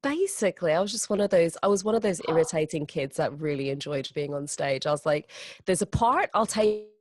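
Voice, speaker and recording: Woman guest on a remote call, lowish voice, dry sound, playful and teasing about herself. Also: quick pace, a little mellow, no echo. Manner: playful and self-mocking. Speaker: interview guest, event MC. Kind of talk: casual podcast interview. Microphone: remote call over the internet.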